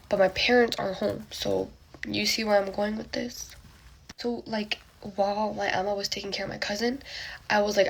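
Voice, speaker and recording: A young woman chatting through a get-ready-with-me storytime, full of fillers and breathy half-whispered asides as she acts out what everyone said. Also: medium pitch, steady tone, normal speed.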